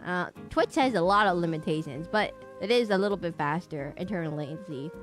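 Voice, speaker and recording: A woman's voice: fairly low pitch, lively intonation, fairly quick, faint music behind. A woman streaming a video game live, chatting in a rambling, playful way and now and then humming little sing-song tunes.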